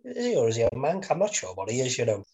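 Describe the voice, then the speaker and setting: A man's voice: medium pitch, wildly swooping pitch, racing, a little mellow. A man joking casually with friends. He is easygoing and laughs at himself. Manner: chatty, self-mocking. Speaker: podcast co-host. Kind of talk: casual chat.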